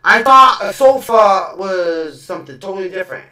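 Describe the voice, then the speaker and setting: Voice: medium pitch, expressive, bright, forceful tone. An American speaker with a slight Portuguese-tinged accent, chatting enthusiastically as a host. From United States. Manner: enthusiastic, quick to agree. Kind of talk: casual chat. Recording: roomy, distant mic.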